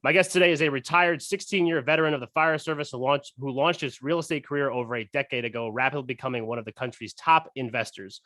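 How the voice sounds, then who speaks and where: A man's voice: mid-range voice, fast, few pauses, pushed and bright, no echo. A man hosting a podcast from a studio, reading an introduction and bantering easily with his guest. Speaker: podcast host. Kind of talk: casual interview, read introduction.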